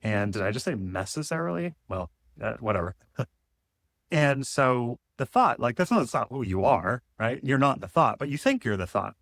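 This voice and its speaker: A man's voice: mid-range voice, animated, moderate pace, fairly bright tone, no room sound, clean studio sound. A man talking alone to camera in a rambling, playful monologue that muses and questions, breaks off mid-thought and makes asides. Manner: musing, self-interrupting, playful asides. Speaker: vlogger.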